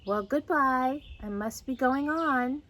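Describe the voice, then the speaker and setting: A woman voicing a simple-minded, honey-loving male teddy bear in a high, gentle, wondering voice. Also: takes it slowly.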